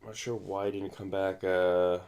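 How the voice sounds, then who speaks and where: Male commentary host with a deep, low voice, casual and rambling, full of restarts. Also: level tone, moderate pace, a little mellow, smooth. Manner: rambling, many restarts and fillers.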